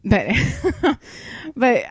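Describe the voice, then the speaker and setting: A woman's voice: fairly high pitch, very animated, very slow, slightly rough, no echo. A young woman co-hosting a podcast, a bit tipsy, rambling and swearing freely with lots of laughs. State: tipsy from wine. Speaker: podcast co-host. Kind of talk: casual chat.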